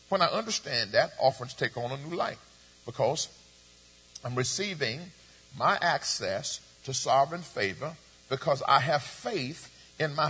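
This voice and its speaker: A pastor with a slightly high, sharp, somewhat rough voice preaches a sermon, reading scripture aloud and repeating phrases. He calls for responses from the congregation, and the recording carries a long hall reverb.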